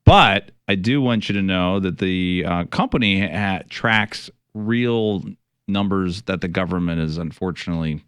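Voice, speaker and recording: A man's voice: deep voice, unhurried, a bit bright, clear, resonant tone, no echo. A middle-aged man, a financial advisor hosting a radio show, talking casually with many fillers, restarts and some wry sarcasm.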